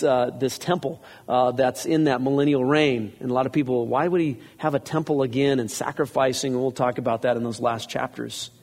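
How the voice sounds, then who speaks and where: A male pastor preaching an evening sermon, reading scripture aloud with rising emphasis and closing in soft prayer. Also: medium pitch, big-room sound. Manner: reads scripture aloud with rising emphasis, then prays softly.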